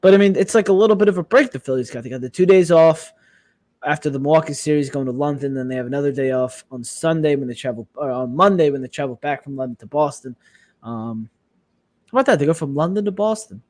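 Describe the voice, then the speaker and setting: A man co-hosting a sports podcast in casual chat, reading off stats and matchups in a brisk, upbeat way. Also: fairly high pitch, a little mellow, dry recording. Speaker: podcast co-host.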